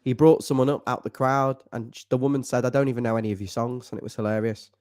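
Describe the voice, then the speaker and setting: A middle-aged man, co-hosting a casual fan show chat in a jokey way, now and then slipping into falsetto singing. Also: steady tone, fast talker, a little mellow.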